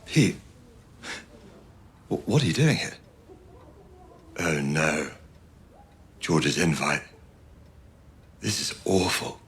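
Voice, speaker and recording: A man's voice: a bass voice, sing-song, drawn-out words, long pauses, fairly bright tone, slightly rough, heavily acted. An actor playing a teasing young British man who mocks his friend with jokes. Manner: mocking, jokey, laughing.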